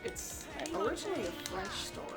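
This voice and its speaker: A woman's voice: mid-range voice, big pitch swings, brisk, loud music behind the voice. Young American woman, general accent, gaming co-host, talkative explainer, casual. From United States. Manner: chatty, explains at length with many fillers. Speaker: co-host of a let's play.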